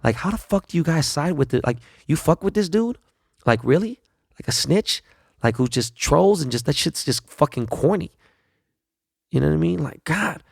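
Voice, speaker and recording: A man's voice: on the high side, expressive, moderate pace, creaky, breathy edge, no room sound, studio quality. A middle-aged man hosting a podcast, delivering a blunt, profane, heated solo rant. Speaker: podcast host. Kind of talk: ranting solo podcast monologue.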